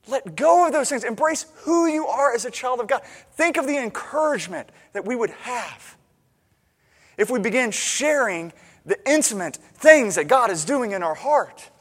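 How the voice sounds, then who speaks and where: Impassioned high-voiced male preacher. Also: expressive, moderate pace, long reverb tail. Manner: impassioned, swings from hushed to loud. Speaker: pastor. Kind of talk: sermon.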